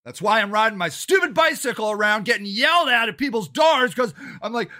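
Older guy, furious profane rant, high strained sharp tone. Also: lively intonation, a little fast. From Ohio, United States. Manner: profane, shouting and agitated. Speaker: city council candidate and activist. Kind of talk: angry monologue rant.

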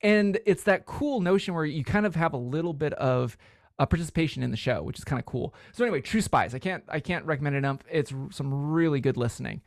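This man co-hosts a podcast, his voice a little high and creaky as he talks fast. It's a casual, rambling, enthusiastic chat, recorded studio-clean with no echo.

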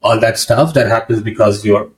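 Rambling Pakistani-born man, low and distant. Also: normal speed. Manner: rambling, full of "like" and restarts, laughs often. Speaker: podcast guest. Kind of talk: casual conversational storytelling.

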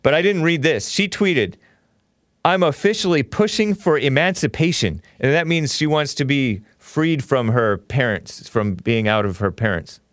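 A man's voice: mid-range voice, lively intonation, normal speed, dry recording, clean studio sound. A man hosting a talk show, delivering an opinionated, sarcastic monologue and laughing often at his own remarks.

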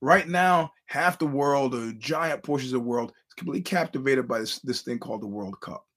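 Male podcast host, casual storyteller, middle pitch, rambles along and acts out other people's lines. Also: normal speed. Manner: rambling, animated, acts out quoted voices.

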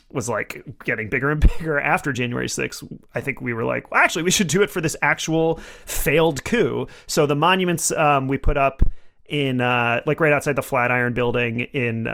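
A man, a comedy writer guest on a podcast, chatting casually and acting out quotes in shrill mocking voices. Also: creaky. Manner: animated, acts out quotes in high mocking voices.

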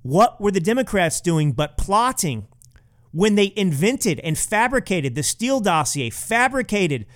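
A man's voice: high-pitched, sing-song, measured pace. A man hosting a political commentary podcast, talking in a sarcastic, mocking way. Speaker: podcast host.

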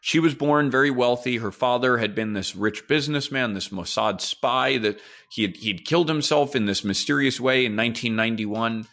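Male podcast host, mid-pitched, casual speculative storyteller. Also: normal speed, few pauses, a bit bright. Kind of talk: casual monologue commentary.

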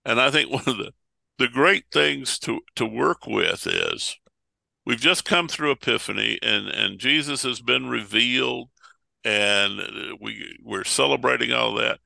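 A pastor talking over preaching texts in casual conversation, a folksy storyteller who acts out the voices of Bible figures. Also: male voice, mid-range voice, a little slow, gravelly, pushed and bright, no room sound.

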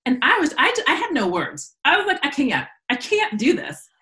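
A woman's voice: normal speed, low-quality recording. A woman in her forties, an educator, telling stories casually in an interview and acting out quoted voices. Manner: animated storyteller, acts out quoted voices in a higher pitch. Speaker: podcast guest, educator.

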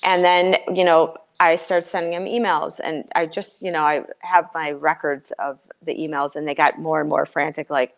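A middle-aged woman telling her personal story as a guest, earnest and halting, with many fillers and restarts. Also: low-pitched, little pitch movement, vocal fry.

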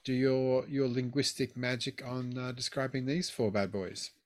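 A man's voice: mid-range voice, steady tone, normal speed. Teasing, chatty male podcast host. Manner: chatty, teasing, reads entries aloud. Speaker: podcast host and photo competition judge. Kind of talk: casual chat.

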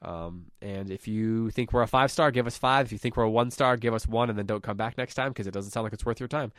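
A man hosting a podcast about short stories, talking casually and correcting himself as he goes, a high school teacher leading the discussion. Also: quick pace, a bit bright, dry recording, clean studio sound. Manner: rambling, self-correcting, friendly.

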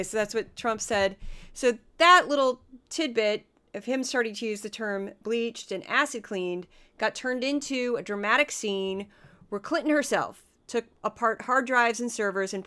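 Hoarse chatty woman podcast host. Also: fairly high pitch, pushed and bright. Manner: chatty, sarcastic, self-deprecating. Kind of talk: casual commentary podcast.

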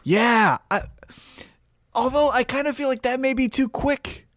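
A man with a high, light voice talks in a loose, rambling way as co-host of a casual podcast. He sounds excitable and swears freely. The sound is dry and close, with no room around it. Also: a little slow, no echo. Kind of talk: casual wrestling chat.

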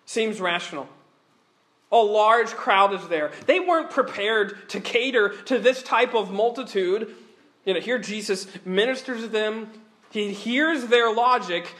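A man delivers a sermon in a notably high voice. He preaches with animated earnestness and often doubles back on his words as he talks. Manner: animated, earnest preaching with frequent word repeats.

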